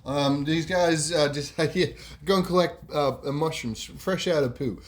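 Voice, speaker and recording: A man's voice: fairly high pitch, a little slow. A man casually telling a story on a podcast, rambling with lots of ums and asides. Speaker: podcast host.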